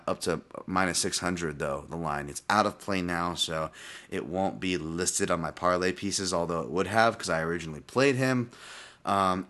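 A man with a notably low voice talks casually through fight picks on a podcast. He rambles, circles back and restarts sentences, with filler words and profanity sprinkled throughout. The tone is informal and unscripted. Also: fairly bright tone. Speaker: podcast host and fight analyst.

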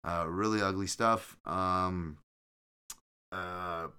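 A man's voice: deep voice, fairly even intonation, drawn-out words, sharp tone, clear, resonant tone. Chatty man hosting a live podcast. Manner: loose and conversational, frequent fillers and restarts. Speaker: podcast host. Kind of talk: live-streamed casual chat, reading viewer comments.

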